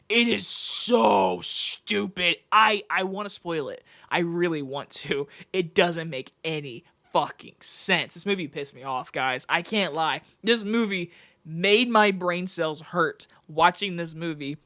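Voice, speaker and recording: A woman's voice: fairly low pitch, animated, a little slow, fairly bright tone. A woman giving a casual, profane movie review in an exasperated, emphatic rant.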